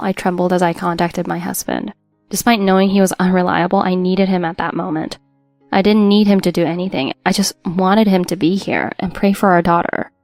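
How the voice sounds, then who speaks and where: A woman's voice: mid-range voice, a little mellow, no echo. A woman reading a first-person drama story as narrator, in an earnest, emotional storytelling manner.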